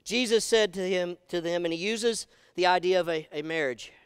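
A pastor preaching in a high, smooth, resonant voice. He is animated and emphatic and keeps asking his congregation questions. The sound is dry and close. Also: normal speed, no echo. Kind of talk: sermon. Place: church sanctuary.

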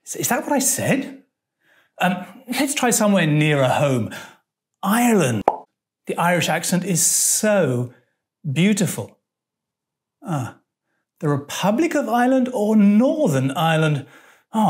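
A woman presents an English lesson at a slow, unhurried pace. Her voice sits slightly low but swings widely in pitch. She talks playfully, full of fillers and puzzled little asides. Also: darkish tone. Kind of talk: scripted educational presentation.

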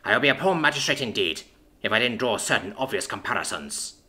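A man voicing an imperious female dragon ruler who speaks in a measured, silky, threatening way. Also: mid-range voice, sing-song, bright, forceful tone. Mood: cool menace. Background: faint background music.

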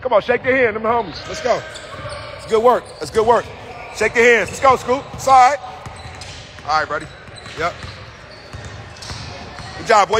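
A man coaching a youth basketball team from the sideline, calling out loud encouragement and repeating himself. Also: high-pitched, animated, normal speed, long pauses, slight background noise. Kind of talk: courtside coaching shouts.

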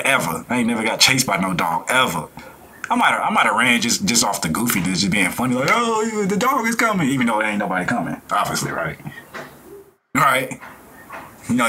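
A man hosting a reaction video, talking in a rambling, animated way and often laughing. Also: on the low side, a little hiss or hum. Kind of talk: casual reaction commentary.

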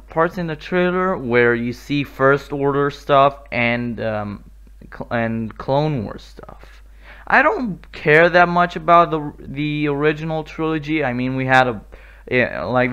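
A man hosting a casual video reaction, excitable and swearing freely, breaking into loud exclamations. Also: mid-range voice, clean tone, muffled recording. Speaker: YouTube reaction host.

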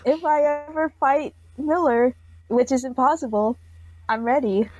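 A woman's voice: sits high, a little slow, a little mellow, no room sound, dull audio. Playful, teasing woman podcast host. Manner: playful, teasing, laughs often. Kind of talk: casual chat.

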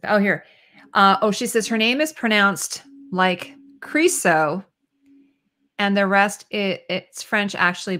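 A woman hosts a casual livestream with a bright, ringing tone. She chats loosely and leans on fillers like "like" and "you know." She also reads viewer comments aloud. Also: medium pitch. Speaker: host.

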